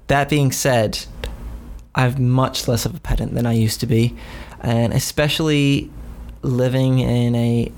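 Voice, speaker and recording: A man's voice: mid-range voice, a little hiss or hum. A man co-hosting a podcast, chatting in a wry, jokey, talkative way. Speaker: podcast co-host. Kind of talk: casual chat.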